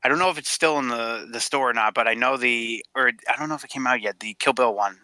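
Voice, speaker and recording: A man's voice: medium pitch, fast talker, pushed and bright, no room sound. A man co-hosting a podcast, chatting in an easygoing, slightly hesitant way. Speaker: podcast co-host. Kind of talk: casual chat.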